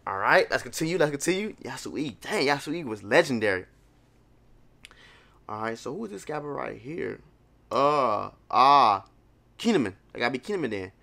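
A man's voice: mid-range voice, very animated, moderate pace, vocal fry, pushed and bright. A man hosting a live manga reaction, talking casually and animatedly as he reads panels aloud and exclaims at them. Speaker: manga reaction video host.

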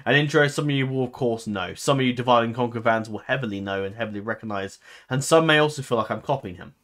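A man's voice: medium pitch, fast, a bit bright. Rambling, hesitant man talking to viewers. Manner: rambling, hesitant, self-correcting with many ums. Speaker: gaming channel host. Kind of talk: casual talk to viewers.

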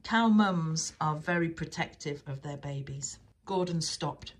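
Husky woman reading a children's story. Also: low-pitched, unhurried. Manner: chatty asides.

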